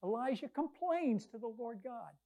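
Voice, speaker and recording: A woman preaching a conversational sermon, retelling scripture stories with lively quoted voices. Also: a little high, moderate pace.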